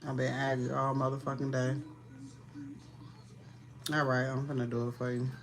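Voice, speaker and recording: A woman's voice: very deep voice, little pitch movement, normal speed. A woman giving a casual livestream tarot reading, talking in a blunt, profane, slangy way and sounding tired and annoyed. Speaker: tarot reader.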